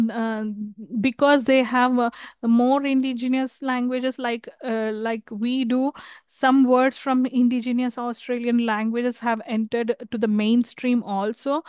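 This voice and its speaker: A woman's voice: a little high, little pitch movement, takes it slowly, darkish tone, clean tone, dry recording. A woman with an Indian English accent giving a live university lecture, hesitant with many fillers and restarts, checking in with her listeners.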